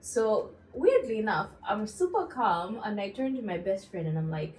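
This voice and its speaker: A young woman from Zambia telling a story in a casual, animated way while going through her skincare routine, with lots of asides to her viewers. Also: medium pitch, brisk, few pauses, echoey room, slight background noise, low-quality recording. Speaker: beauty vlogger.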